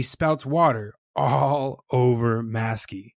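A children's storyteller reads aloud gently and expressively, leaning into the sound words. The medium-pitched voice moves slowly and deliberately, recorded dry and close with no room sound.

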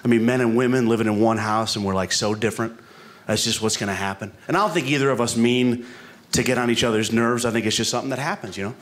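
A man's voice: mid-range voice, quick pace, a bit bright. A man doing a stand-up comedy set on a club stage, rambling and self-deprecating, with asides to the live audience. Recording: live club recording with room noise.

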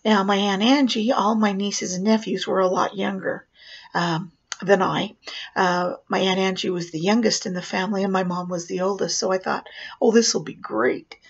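A woman's voice: mid-range voice, normal speed, gravelly, breathy edge, lo-fi sound. A woman who works as a professional clown tells a personal story, acting out the voices and dropping to whispers. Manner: animated, acts out voices and drops to whispers.

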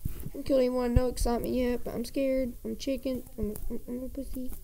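A woman's voice: a little high, flat delivery, quick pace, warm tone, slight background noise, low-quality recording. Jumpy, nervous woman gaming commentator. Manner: jumpy, nervous self-talk, dropping to whispers. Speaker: gameplay commentator. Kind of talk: live gameplay commentary.

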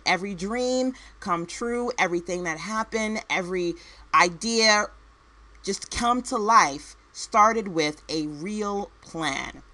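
Her mid-range voice sounds pushed and bright as this work-at-home mom and entrepreneur delivers a motivational talk. Punchy one-word headings, repetition, and chatty asides aimed at the listener shape her speech.

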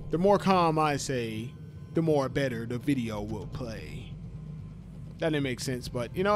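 Fairly high-pitched and hoarse from too much talking, a gaming YouTuber in his thirties plays a horror game. He cracks jokes to himself and lets out yelps whenever something scares him.

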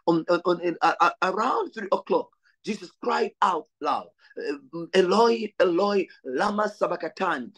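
A man's voice: fairly high pitch, a bit bright, breathy edge, low-quality recording. A man from Zambia, a pastor preaching a sermon with a repetitive, building delivery and direct appeals to his brothers and sisters.

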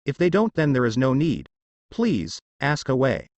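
A man's voice: mid-range voice, sing-song, measured pace, darkish tone, no room sound, lo-fi sound. A man reading the lines of a stern young male demigod guardian who speaks curtly and commands. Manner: curt, commanding.

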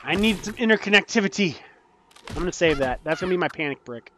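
A man casually commenting on his own gameplay, swinging between low muttering and frantic panicked outbursts. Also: animated, fast talker, sharp tone, slight background noise. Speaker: gaming channel host.

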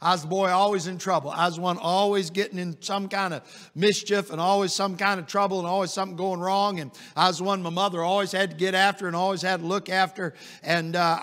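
A middle-aged evangelist preaches in a church sanctuary, his high, ringing voice carried on a long reverb. He tells folksy stories and builds to loud, emphatic peaks. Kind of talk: sermon.

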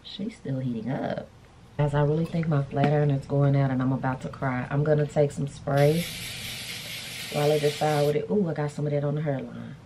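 A woman's voice: low-pitched, fairly even intonation, fairly quick, noisy background. A woman vlogger chatting casually and playfully to her viewers while styling a wig. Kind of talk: casual beauty vlog chat. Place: indoors, hotel room.

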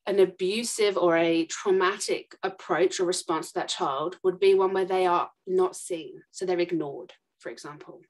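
Woman, podcast guest, quick emphatic explainer. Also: lowish voice, steady tone. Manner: fast, emphatic explaining with acted examples. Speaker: podcast guest, trauma expert.

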